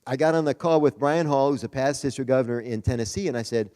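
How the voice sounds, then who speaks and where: A man's voice: medium pitch, fast talker, mellow. Folksy man speaking in an echoing hall. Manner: folksy, chatty, jokey. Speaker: Rotary district leader giving a talk. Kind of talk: conference speech. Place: large conference hall. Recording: reverberant conference hall.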